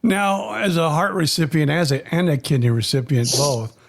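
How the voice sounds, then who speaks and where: A man hosts a podcast conversation and asks his guest questions in a loose, rambling way, often starting a sentence over. His voice sits a bit higher than most men's. He has received a transplant himself. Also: normal speed, creaky. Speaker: podcast host, transplant recipient. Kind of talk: conversational interview.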